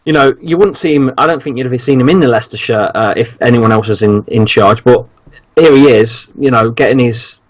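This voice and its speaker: A man's voice: medium pitch, a little fast. A man hosting a casual football podcast who talks in a rambling, hesitant way with ums and restarts. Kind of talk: casual chat.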